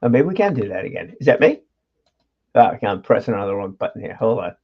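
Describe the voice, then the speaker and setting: A man's voice: fairly low pitch, fast talker, vocal fry, a little hiss or hum. A man hosting a casual livestream, rambling with fillers and laughs. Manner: chatty, laughs often, many fillers and restarts. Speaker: host of a livestream show. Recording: dull lo-fi stream audio.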